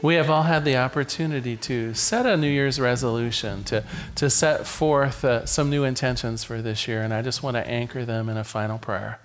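A man preaching a sermon to his congregation as their minister, playful and animated, sometimes stumbling over a word and starting the phrase again. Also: medium pitch, moderate pace, faint music behind. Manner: animated, playful, with repeated stammered restarts.

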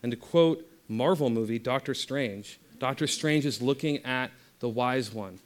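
A man giving a spiritual talk that moves from passionate teaching into a soft, slow guided meditation. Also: mid-range voice.

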